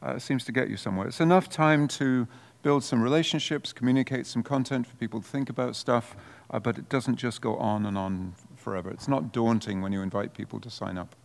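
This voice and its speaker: A parish priest gives an informal workshop presentation, speaking conversationally with relaxed asides. His medium-pitched voice moves a little fast and has vocal fry, and the sound carries a long reverb tail.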